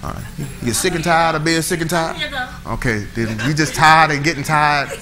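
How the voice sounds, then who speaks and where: A middle-aged man, preaching a conversational, animated sermon with call-and-response to a church. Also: fairly high pitch, normal speed, low-quality recording. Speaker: pastor. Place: church sanctuary.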